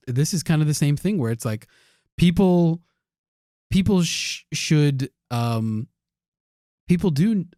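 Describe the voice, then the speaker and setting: A man's voice: mid-range voice, mellow, no echo, clean studio sound. A man co-hosting a casual podcast, hesitant and agreeable, often restarting his sentences. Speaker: podcast co-host.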